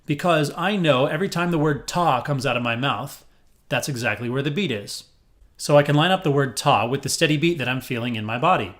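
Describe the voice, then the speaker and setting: Wearing headphones, an upbeat and slightly corny male teacher counts rhythms out loud to walk his students through the beat. His mid-range voice has a fairly bright tone, and his pace is fairly quick. He keeps the mood encouraging.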